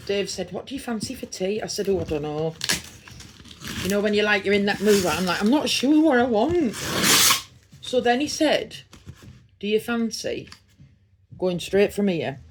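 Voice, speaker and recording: A middle-aged vlogger from Redcar in North East England chats and rambles through an unboxing video in a Teesside accent. Her mid-range voice is a little mellow, with slight hiss or hum in the audio.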